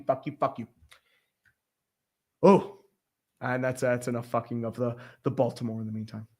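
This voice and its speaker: A man hosting a casual sports livestream, talking in a blunt, rambling, profanity-heavy way. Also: a little high. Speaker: podcast host.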